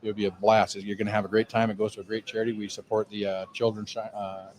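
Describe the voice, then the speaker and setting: A middle-aged man who owns a cigar lounge, telling his story in an animated, casual way on a podcast and acting out the dialogue he quotes. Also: lowish voice, quick pace, low-quality recording. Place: cigar lounge with people around.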